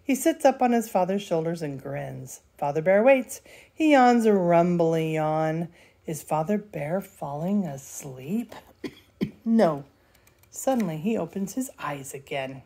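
An older woman, a grandmother, reading a bedtime storybook aloud in a lively, playful way. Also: on the low side, a little slow. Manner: lively, playful, does character voices.

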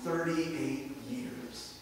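A man in his thirties preaching a sermon as pastor, conversational and animated, posing rhetorical questions to the congregation. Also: fairly high pitch, extremely slow, distant mic, slight background noise. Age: 30s. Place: church sanctuary. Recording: very echoey hall, heard from afar.

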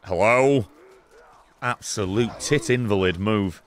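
A man's voice: lowish voice, takes it slowly. A man streaming a game live, commenting sarcastically, talking back to the characters on screen and swearing often.

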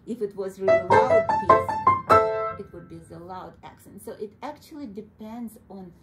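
A woman's voice: mid-range voice, normal speed, poor audio. Patient woman piano teacher with Russian accent. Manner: patient, coaxing, calls the student sweetie. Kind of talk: one-on-one piano lesson. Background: piano playing.

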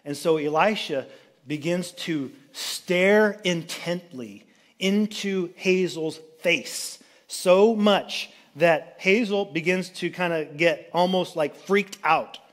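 A man's voice: high voice, slow. A man giving a sermon as a pastor, retelling a Bible story in a loose, chatty way with jokey asides. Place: church sanctuary.

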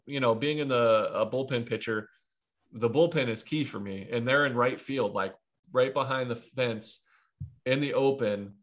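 A man from Ohio in his thirties talks as an interview guest, rambling through baseball stories. He restarts and circles back often. His voice sits at an ordinary pitch. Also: fairly bright tone. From Ohio, USA. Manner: rambling, with frequent restarts and asides. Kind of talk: casual interview storytelling.

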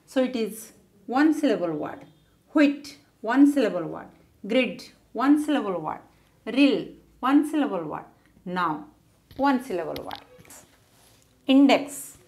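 Woman, teacher, fairly high voice, patient repeating drills. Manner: drills each word twice, asks questions and answers them herself. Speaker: English teacher. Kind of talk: slow grammar lesson, repeating words.

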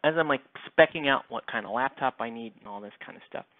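Speaking fast at medium pitch with no echo, a man streams himself painting miniatures. His casual rambling into the headset mic is full of fillers and self-deprecation, and the audio comes across tinny, like a phone.

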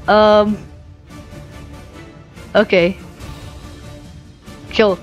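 A woman giving playful gaming commentary as a video host, giggly and excitable, breaking into high squealing outbursts. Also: extremely slow, long pauses, faint music behind.

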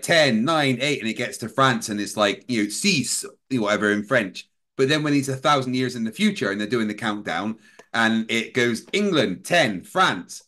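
A man's voice: fairly low pitch, a bit bright. A man co-hosting a casual livestream aftershow, telling rambling anecdotes full of fillers. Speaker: show co-host.

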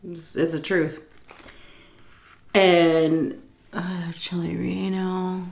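Woman, animated storytelling, swears freely, lower-pitched voice, squeaky high quotes, eating and drinking at home. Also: extremely slow, creaky, reverberant. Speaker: YouTube storyteller. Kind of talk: casual storytime while eating. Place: home, indoors.

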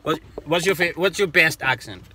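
A woman vlogging at home with her family, talking in a brisk, bossy and playful way. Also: sits low, animated, sharp tone. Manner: brisk, bossy and playful, often saying "right". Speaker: vlogger running a family accent challenge. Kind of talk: casual family chat on camera.

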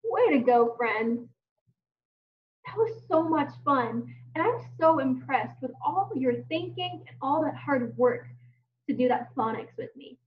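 A woman teaching a phonics lesson to young children, sounding words out slowly and encouraging them. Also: high voice, lively intonation, echoey room. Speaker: kindergarten teacher. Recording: distant mic, dull lo-fi sound.

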